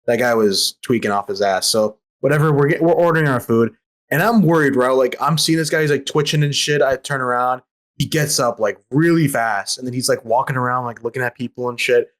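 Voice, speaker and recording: A young man telling a story in casual podcast chat over a voice call, rapid and profane, packed with fillers. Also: mid-range voice, fairly bright tone. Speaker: podcast participant. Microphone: remote call over voice chat.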